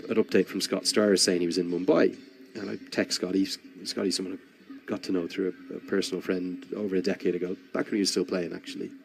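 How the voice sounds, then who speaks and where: A man's voice: low-pitched, darkish tone, a little hiss or hum. A man commentating live on a cricket match while telling a long, rambling anecdote, with frequent restarts.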